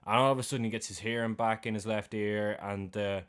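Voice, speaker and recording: A man's voice: fairly low pitch, steady tone, a little fast, a bit bright, smooth. A young Irish man co-hosting a podcast, retelling a film's plot in a loose, chatty way with slang. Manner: retells scenes animatedly with slang and swearing. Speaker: podcast co-host. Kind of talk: casual film recap chat.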